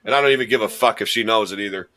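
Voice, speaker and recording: This man, a podcast host and quiz contestant, tells rambling, self-mocking stories in a relaxed chat. He talks very fast, his low-leaning voice pushed and bright.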